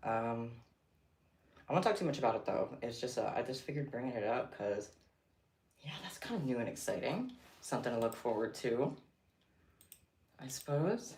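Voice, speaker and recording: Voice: medium pitch, very animated, moderate pace, pauses often, darkish tone. Breathless chatty streamer in an echoey room. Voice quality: chatty, scattered and giggly. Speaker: livestream host. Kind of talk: casual live stream chat. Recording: roomy echo, distant mic, faint noise.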